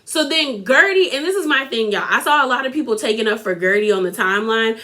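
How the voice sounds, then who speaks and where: A woman's voice: a little high, lively intonation, fast talker, sharp tone. A young woman recapping a reality TV episode in casual, gossipy chat, giving her opinions and talking straight to her viewers.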